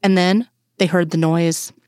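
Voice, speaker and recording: Low-voiced woman reading a story. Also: fairly even intonation, unhurried, a little mellow, no room sound, clean studio sound. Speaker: audiobook reader. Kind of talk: scripted narration of fan fiction.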